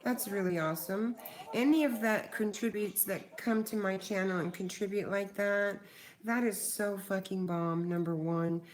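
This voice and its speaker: A woman's voice: mid-range voice, normal speed. A middle-aged woman hosting a casual livestream, chatting with viewers and swearing freely. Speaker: livestream host.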